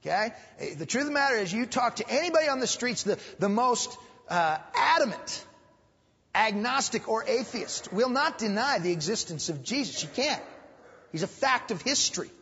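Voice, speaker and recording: A man's voice: high voice, animated, moderate pace, pushed and bright, slightly rough. A man pastor teaching Sunday school in an emphatic preaching style, repeating phrases and raising his voice to stress points. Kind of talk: sermon. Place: church hall. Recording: dull recording with long hall reverb.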